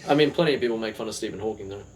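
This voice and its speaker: A man's voice: fairly low pitch, racing, slight background noise, rough recording. A young man in casual, jokey, rambling chat as co-host of a talk show. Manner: laid-back, rambling, jokey.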